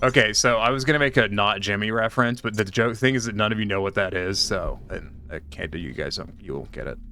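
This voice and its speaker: A young man streaming a puzzle game, telling a rambling story with casual swearing and deadpan punchlines. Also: on the low side, quick pace, soft background music. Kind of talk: casual live-stream chat while playing.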